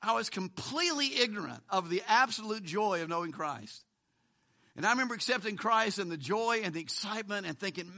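A man pastor preaching a sermon in a conversational way, swinging between loud emphasis and hushed lines, with asides and chuckles. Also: sits high, animated, brisk, vocal fry.

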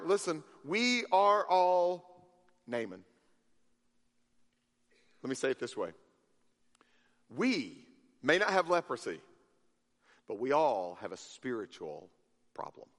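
A man's voice: mid-range voice, fairly bright tone. A man preaching a sermon, telling a story with acted-out voices, then dropping to a near whisper for emphasis. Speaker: pastor. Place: church sanctuary. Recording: reverberant sanctuary.

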